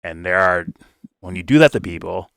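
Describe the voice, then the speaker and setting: A man's voice: sits low, lively intonation, normal speed, vocal fry, fairly bright tone. A man giving a casual review, talking bluntly and swearing freely. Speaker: film reviewer. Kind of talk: casual commentary rant.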